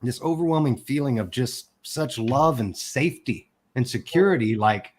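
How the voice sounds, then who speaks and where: A man's voice: mid-range voice, expressive, moderate pace. A man in his forties, a podcast guest telling a personal story in a candid, emotional way and swearing casually. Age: 40s.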